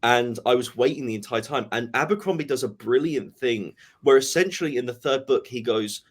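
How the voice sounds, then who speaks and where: A man chatting casually in a book discussion, animated and laughing often, acting out lines as he talks. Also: medium pitch, brisk, hardly any pauses. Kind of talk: casual video call discussion.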